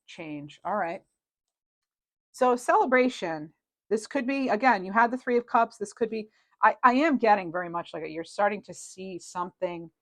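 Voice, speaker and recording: A woman reading tarot cards in a casual, rambling and reassuring way, with many fillers. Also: mid-range voice. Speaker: tarot reader.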